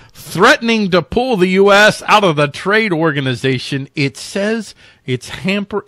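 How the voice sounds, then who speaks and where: Animated bright-voiced male co-host. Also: on the high side, no echo, studio quality. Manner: joking, reads news aloud then riffs with shouted mock voices. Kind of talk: casual political chat.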